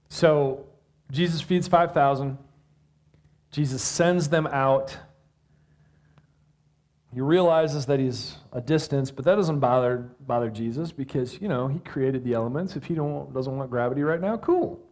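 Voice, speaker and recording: A man preaching to a live audience, reading scripture and explaining it in a lively, conversational way with questions to the listeners. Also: mid-range voice, moderate pace. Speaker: pastor.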